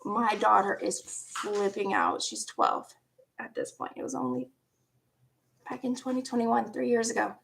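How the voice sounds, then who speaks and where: A woman around forty casually telling a personal story, animated, laughing often and dropping into hushed asides. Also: mid-range voice, moderate pace, gravelly. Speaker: vlogger.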